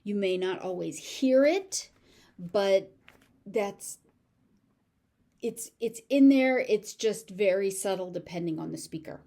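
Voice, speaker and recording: A woman with an American accent teaching pronunciation, saying each word several times in a slow, careful drill. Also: mid-range voice, expressive, dark tone. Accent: General American. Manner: repeats each word slowly, syllable by syllable.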